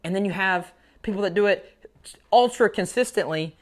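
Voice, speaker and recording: A man's voice: high-pitched, normal speed. A man hosting a solo podcast, talking in a casual, rambling, self-deprecating way, laughing now and then. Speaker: podcast host; jiu-jitsu coach.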